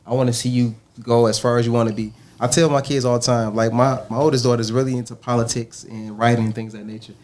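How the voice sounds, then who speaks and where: A man hosting a podcast, telling earnest, animated stories about raising his kids in casual chat. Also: medium pitch, fast talker, few pauses. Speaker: podcast host.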